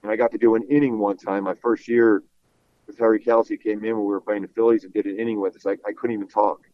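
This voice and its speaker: A man's voice: on the low side, fast, no echo. Middle-aged man, eager storyteller who stumbles over repeated words, on a dull, dry, slightly lo-fi line. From Philadelphia. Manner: animated storyteller, repeats words when excited. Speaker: guest, baseball broadcaster. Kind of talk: casual interview chat.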